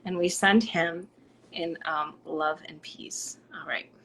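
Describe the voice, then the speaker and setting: A woman from Rhode Island, hosting a live stream as a psychic medium, chatting and reading out viewer comments in a bubbly way that drops into soft whispers. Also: on the low side, fairly even intonation, slow, slight background noise.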